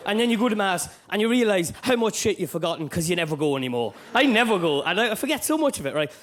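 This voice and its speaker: A man from Dundalk with an Irish accent doing a stand-up routine, animated and sweary, with shouty bursts, recorded live in a club. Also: high-pitched. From Dundalk, Ireland. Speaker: stand-up comedian.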